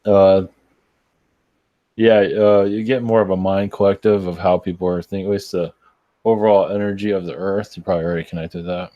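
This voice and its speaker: A tired man who works as a spiritual channeler, answering chat questions live in a rambling, halting way with many restarts. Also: deep voice, steady tone, no echo, lo-fi sound. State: tired, yawning.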